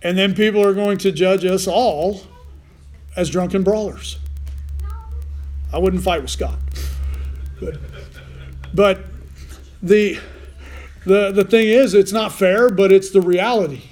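A man's voice: sits high, takes it slowly, long pauses, darkish tone. A man preaching a sermon as pastor, folksy and joking, with frequent restarts and asides.

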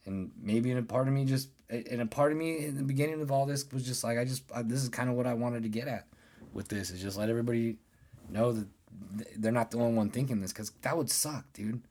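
A man's voice: medium pitch, fast talker, a little mellow. A man in his thirties hosting a podcast, ranting casually and rambling with lots of swearing and restarts. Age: 30s. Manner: profane, rambling, restarts often. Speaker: podcast host. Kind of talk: casual solo podcast rant.

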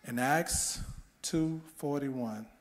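A man's voice: medium pitch, drawn-out words. Middle-aged man preaching in a reverberant hall. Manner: preaching with rising fervor and rhetorical questions. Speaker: pastor. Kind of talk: sermon.

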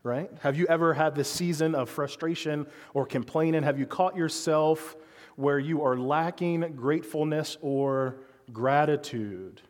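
A man's voice: a little high, measured pace, in a large hall. A man giving a sermon as a pastor, speaking conversationally and asking his listeners frequent rhetorical questions.

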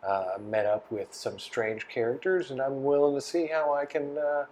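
A man introducing his character on a tabletop game podcast in a joking, deadpan way. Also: medium pitch, moderate pace. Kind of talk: casual podcast banter.

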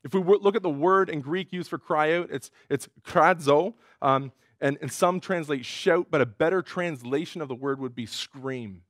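A male pastor preaching a sermon in an earnest way, rising in pitch and force when he quotes cries. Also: moderate pace, few pauses, dry recording, studio quality.

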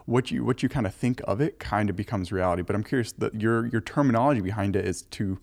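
A man talking in a casual podcast chat, halting and restarting his sentences often. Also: on the low side, gravelly, darkish tone. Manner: halting, many fillers and restarts.

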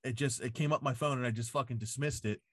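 A man's voice: medium pitch, fairly even intonation, fast talker, no echo. A man in casual chat, telling a story full of swearing and "like" fillers, recorded in a home basement.

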